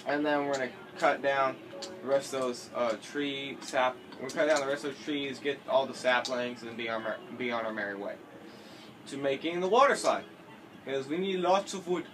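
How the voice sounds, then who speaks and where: A man's voice: mid-range voice, moderate pace. Rambling teenage boy gamer, noisy recording. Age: teens. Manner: rambling, self-correcting, jokey. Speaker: gameplay commentator. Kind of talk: casual let's-play commentary.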